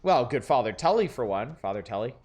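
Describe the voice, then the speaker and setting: A man's voice: mid-range voice, big pitch swings, fairly quick, a little mellow, soft background music, voice pushed down, lightly acted. A man voicing a prim, preachy older temperance lady with a sugary, condescending manner while reading game dialogue aloud.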